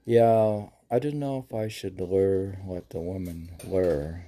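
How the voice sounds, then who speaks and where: A man's voice: sits low, fairly even intonation, takes it slowly, dark tone. A man hosting a podcast, casually reading poetry aloud and mocking himself in a back-and-forth with his own questions. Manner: self-mocking, argues with himself in question and answer. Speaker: podcast host.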